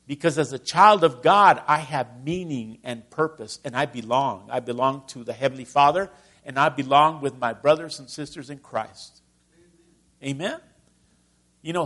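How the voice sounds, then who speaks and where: A man's voice: fairly high pitch, a bit bright. A middle-aged man from Texas preaching a conversational sermon and asking his listeners questions. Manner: conversational, asks the congregation questions.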